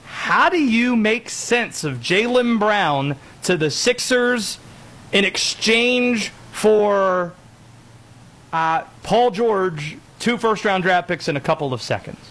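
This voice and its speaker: A man's voice: sits high, expressive, takes it slowly, a bit bright. Dry-witted male sports radio host. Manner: dry, teasing, drives the segment. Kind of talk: sports talk radio banter.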